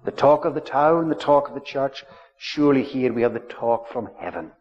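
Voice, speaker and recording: A man preaching a sermon in a church, measured and solemn, drawing out his key words. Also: mid-range voice. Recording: dull lo-fi recording, long church reverb.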